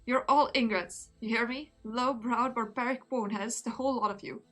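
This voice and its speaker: A woman's voice: mid-range voice, normal speed, fairly bright tone, faint music behind, close to an everyday voice. A woman voicing a sarcastic captive convict. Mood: angry. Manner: sarcastic, scornful. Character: defiant mouthy female convict prisoner.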